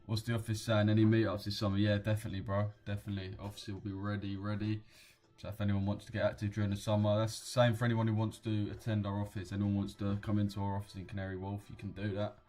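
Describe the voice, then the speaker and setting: Talking fast with few pauses, a young British man keeps a monotone, darkish, lowish voice while hosting a live trading stream. He's relaxed and slangy, chatting casually and reading viewer comments aloud.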